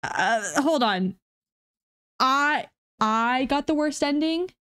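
Excitable, foul-mouthed woman reacting to a game. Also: high voice, takes it slowly, clear, resonant tone. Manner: excitable, swears freely, thinks aloud. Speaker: gaming reaction streamer. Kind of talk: casual reaction commentary.

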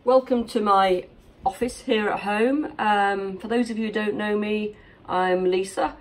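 A woman's voice: mid-range voice, fairly even intonation, unhurried. A woman in her forties from Yorkshire, telling her personal story to camera from her home office in a candid, chatty, lightly joking way. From Yorkshire, England. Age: 40s. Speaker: vlogger.

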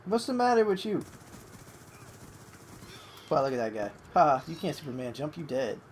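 Excitable young gamer swearing through commentary. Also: moderate pace, slight background noise. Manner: excitable, swears at opponents, coaxes a pet in a higher voice. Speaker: gamer doing live commentary. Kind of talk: live gameplay commentary.

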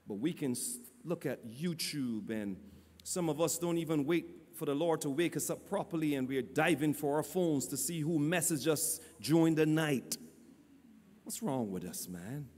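A man preaching a storytelling sermon, animated, stammering and repeating his words. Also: fairly high pitch, moderate pace. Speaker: lay preacher and church teacher. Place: church hall. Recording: long church hall reverb.

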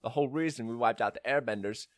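A man's voice: medium pitch, fast talker, no room sound. A young man giving casual let's-play commentary, rambling with joking asides as he plays. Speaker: gamer.

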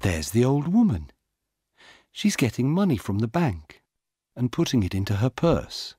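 A man's voice: mid-range voice, huge pitch swings, measured pace, darkish tone, husky, no echo, studio quality, exaggerated voice. A man reading the part of a woman police officer, alert and eager, with a raised voice. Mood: urgent.

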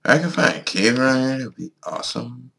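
A man giving casual let's-play commentary on his own game, excitable, swearing and yelling at the creatures on screen. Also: medium pitch, fast talker, vocal fry, a little hiss or hum. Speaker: gaming video host.

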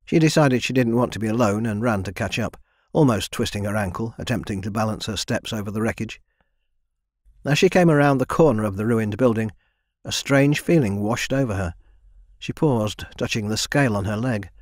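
Guy narrating a fantasy audiobook, lowish voice, steady and measured, dry close mic. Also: no echo. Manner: even and measured. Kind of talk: scripted narration.

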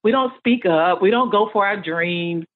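A woman's voice: mid-range voice, moderate pace. A middle-aged woman speaking as a podcast guest, earnest and motivational, building emphatic lists of words. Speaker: guest, speech-language pathologist. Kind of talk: podcast interview. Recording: tinny phone-like line.

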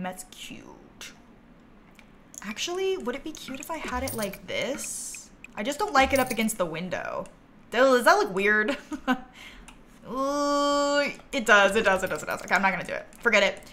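A woman livestreaming a game, chatting casually and thinking aloud, with bursts of giggly excitement. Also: mid-range voice. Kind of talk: casual gameplay commentary.

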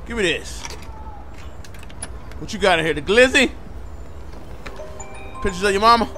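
A man giving loud, profane, joking commentary on a game as he plays, talking back to the characters. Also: sits high, lively intonation, measured pace, soft background music. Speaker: gamer. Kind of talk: comedic gameplay commentary.

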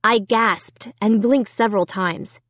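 A woman's voice: medium pitch, slow, a bit bright, no echo. A woman giving a scripted first-person audiobook narration.

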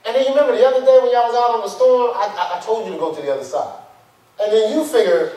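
A male pastor preaching in a fairly high voice. His delivery is conversational, animated storytelling full of slang. The church hall echoes heavily, and he is far from the mic. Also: rapid-fire. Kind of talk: sermon.

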